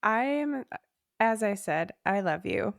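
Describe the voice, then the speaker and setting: A woman's voice: mid-range voice, lively intonation, slow, creaky, no echo, clean studio sound. A woman co-hosting a podcast in casual chat, affectionate, teasing and candid. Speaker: podcast co-host.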